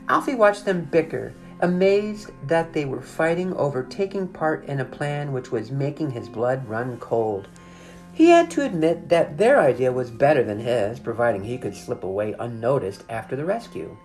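A woman reading a children's chapter book aloud as the storyteller, in an expressive, animated way. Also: a bass voice, normal speed, soft background music.

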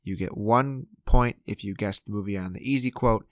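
A man co-hosting a casual podcast, chatting playfully and slipping into quick impressions. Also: fairly low pitch, dry recording, clean studio sound. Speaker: podcast co-host.

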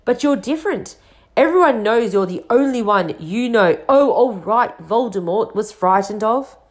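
A woman's voice: fairly high pitch, lively intonation, normal speed, pitched above the performer's own voice. A woman voicing a severe older witch professor who talks impatiently and irritably. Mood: irritable.

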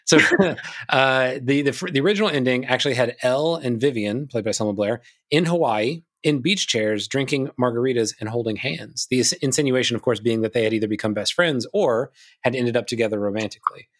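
A man's voice: medium pitch, a little fast. A man hosting a podcast in casual chat, recapping a film with wry asides. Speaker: podcast host.

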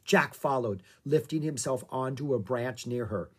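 An audiobook reader narrating a children's book in a calm, even storytelling manner. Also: medium pitch, normal speed, slightly rough.

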